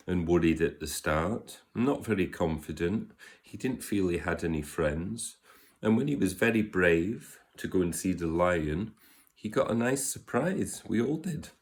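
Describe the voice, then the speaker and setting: A man reading a rhyming picture book aloud, gently asking his listeners questions. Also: low voice. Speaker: storyteller.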